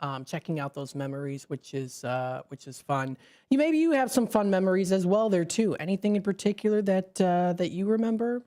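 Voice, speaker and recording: A local radio host with a medium-pitched, mellow voice speaks briskly during a live call-in show. Picked up close on a studio mic, the talk wanders, restarts, and is full of filler words.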